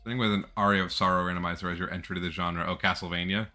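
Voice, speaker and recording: Very bright-voiced chatty male streamer. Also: low-pitched, steady tone, racing, faint music behind. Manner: chatty, rambling, laughs a lot. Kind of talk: casual live-stream chat.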